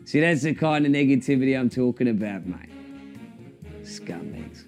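A man's voice: mid-range voice, expressive, moderate pace, a little mellow, faint music behind, close to an everyday voice. A man doing a comedy impression of a defensive, cocky older male rugby coach, ending every line with "mate". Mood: defiant.

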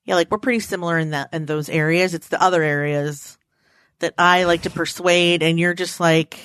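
A woman co-hosting a casual chat, playful and animated, her pitch jumping up when she gets excited. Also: normal speed, clean tone, no echo.

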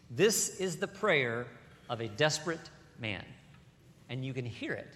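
A man preaching a sermon as pastor, animated, moving between soft asides and emphatic lines. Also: medium pitch, measured pace. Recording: hall reverb.

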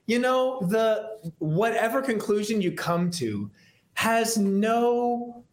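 A young man talks loosely on a podcast, wandering through his thoughts and laughing easily. His voice sits a little high for a man, and the room around him is echoey. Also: animated, takes it slowly. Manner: rambling, self-reflective, laughs easily. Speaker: guest musician. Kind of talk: casual podcast chat.

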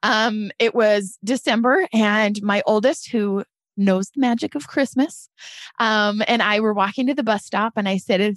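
A woman's voice: mid-range voice, a little slow, no room sound, studio quality. A middle-aged woman telling her story as a podcast guest, earnest and emotional, often addressing listeners as "you guys". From United States.

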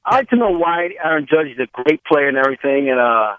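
A man with a fairly high, lively voice calls a sports radio show. He halts and fills with "uh" a lot. His voice comes over a tinny phone line. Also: clean tone, no echo. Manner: halting, lots of fillers. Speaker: caller. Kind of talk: radio call-in.

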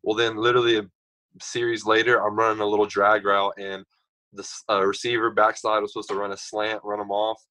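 A young man in his twenties, a podcast guest telling stories in a casual, animated way. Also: fairly low pitch, a little fast, poor audio. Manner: animated storyteller, acts out others' lines. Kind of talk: casual storytelling.

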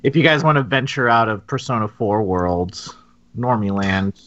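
Opinionated man with a bright, dull-toned voice. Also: lowish voice, animated, normal speed. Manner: joking, opinionated. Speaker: podcast co-host. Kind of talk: casual gaming podcast chat.

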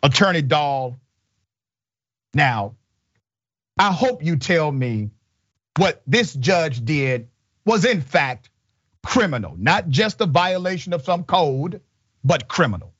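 A man hosting a commentary show, with an emphatic, indignant delivery full of rhetorical questions. His voice sits a little high. The sound is dry and slightly dull. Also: expressive, slow, pauses often, a bit bright, husky, dry recording. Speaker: show host.

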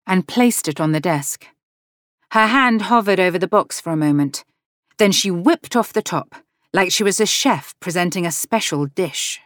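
A woman narrating a novel as an audiobook, gently voicing each character in the dialogue. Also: lowish voice, moderate pace, no echo, studio quality. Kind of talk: scripted narration.

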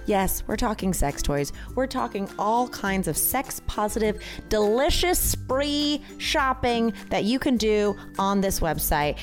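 A young woman hosting a podcast, brash and playful in casual chat and a read ad. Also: mid-range voice. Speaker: podcast host.

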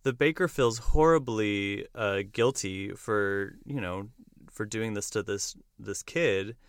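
A young man hosting a podcast, recapping a musical in casual chat, animated and quick to laugh. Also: on the low side, smooth, no echo, clean studio sound. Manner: enthusiastic storyteller who acts out lines and laughs often. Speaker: podcast host.

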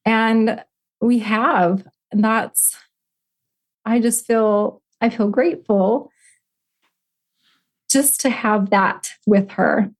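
A woman's voice: fairly high pitch, extremely slow, pauses often. A middle-aged woman, a life coach and podcast guest, telling a personal story and teaching in an earnest, heartfelt way. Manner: earnest, heartfelt, gently instructive.

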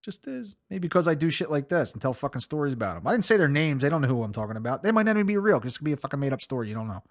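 A man's voice: medium pitch, very animated, racing, hardly any pauses. A man hosting his own podcast alone, telling rambling, profane, self-mocking stories with bursts of laughter. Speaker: podcast host. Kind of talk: casual solo storytelling.

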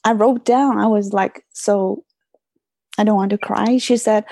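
Gravelly-voiced mother, hesitant and halting. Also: medium pitch, steady tone, dark tone, dry recording. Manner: hesitant, repeats words, non-native phrasing. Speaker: mother asking a question. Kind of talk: personal sharing in a group session.

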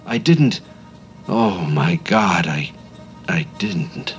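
A man's voice: low voice, lively intonation, very slow, faint music behind, exaggerated voice. A man voicing a shy, polite young boy who stammers when he is scared. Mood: stammering, shaken. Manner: timid and stammering.

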